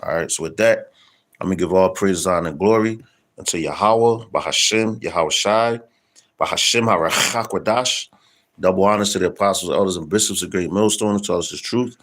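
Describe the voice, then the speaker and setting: Low-voiced man giving casual religious commentary. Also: brisk, a bit bright. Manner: casual, keeps adding "man".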